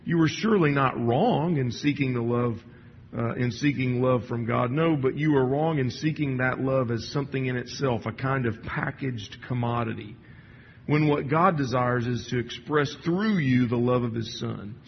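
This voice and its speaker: A man delivers a sermon in a church hall, speaking in a loose, conversational way with frequent restarts and fillers. His voice sits at an ordinary pitch for a man. The sound is muffled, with a long hall echo and a faint hiss. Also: normal speed, creaky. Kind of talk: sermon with read passages.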